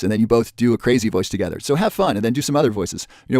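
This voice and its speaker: A man hosts an online webinar and pushes the sale of a course. His voice sits at a middle pitch. He keeps repeating the price and how many spots are left, and the sound is dry and close. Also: animated, very fast, darkish tone, dry recording. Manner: pushy salesman tone, repeats offers and counts down spots. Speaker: webinar presenter.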